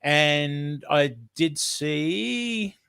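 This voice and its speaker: A man's voice: on the high side, animated, extremely slow, vocal fry, sharp tone, smooth. An Australian man hosting a casual livestream, chatting in a rambling, friendly way with lots of ums, a bit sniffly from hay fever. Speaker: livestream host.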